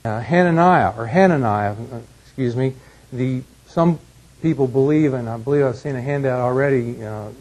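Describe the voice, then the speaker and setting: Male Bible teacher, husky voice, measured lecture delivery with restarts. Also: mid-range voice, darkish tone, rough recording. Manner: measured, frequent restarts and fillers.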